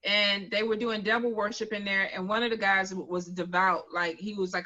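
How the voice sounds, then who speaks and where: A woman's voice: medium pitch, moderate pace, hardly any pauses, lo-fi sound. A woman co-hosting a casual chat, telling stories animatedly and acting out what others said. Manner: animated storyteller, acts out quotes. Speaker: co-host.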